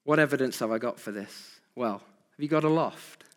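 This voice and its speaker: A man's voice: mid-range voice, moderate pace, in a large hall. A man preaching an evening sermon, asking his congregation rhetorical questions with emphasis. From Britain.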